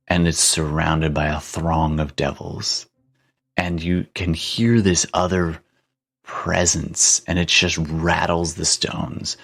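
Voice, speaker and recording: A man narrating a tabletop game as game master, halting with frequent ums and restarts. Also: low-pitched.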